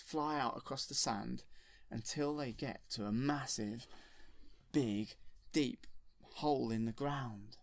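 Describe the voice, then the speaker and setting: A man retells a film from memory in a casual, rambling way, often stopping to correct himself. His pitch sits in an ordinary middle range. The recording is dry and close, with no room sound. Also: vocal fry, dry recording. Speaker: storyteller.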